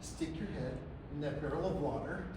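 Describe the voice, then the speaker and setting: A man performing live improv comedy scenes in a bold, theatrical way, breaking into loud exclamations. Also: a little high, brisk. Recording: echoey stage from far off with noise.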